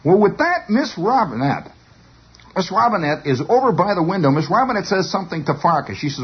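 A man telling a long rambling story on the radio, animated and stammering, on a dull lo-fi broadcast. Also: high-pitched, fairly quick, breathy edge. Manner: animated, stammering repetitions, chuckling.

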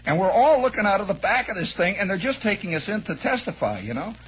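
A man from the American Midwest telling a long, animated personal story, rambling and acting out the shouts and lines of the people in it. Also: high-pitched, fast talker, slightly rough, rough recording. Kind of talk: spoken anecdote, radio monologue.

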